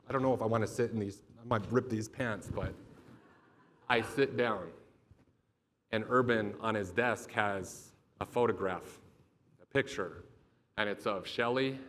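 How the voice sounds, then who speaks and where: A man's voice: on the low side, fairly bright tone, slight background noise. Emphatic man telling a story on stage. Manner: emphatic, profane and confessional. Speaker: motivational speaker. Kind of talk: storytelling keynote speech.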